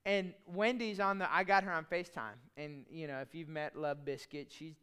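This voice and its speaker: A man's voice: a little high, fairly even intonation, moderate pace, sharp tone, clear, resonant tone. A man preaching a sermon as pastor, in a conversational, storytelling way with chatty asides.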